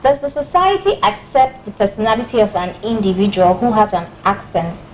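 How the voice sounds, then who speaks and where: A woman's voice: medium pitch, big pitch swings, a little fast, low-quality recording. Nigerian woman cohost reading comments, earnest, little bit of noise in the background. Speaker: co-host reading viewer comments. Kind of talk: studio panel discussion. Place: studio.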